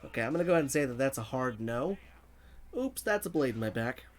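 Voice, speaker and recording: A male gaming streamer talks casually while he plays, reading viewer messages aloud and answering them. His voice sits at an ordinary pitch, and he laughs often. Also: animated, fast talker. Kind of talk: casual livestream commentary.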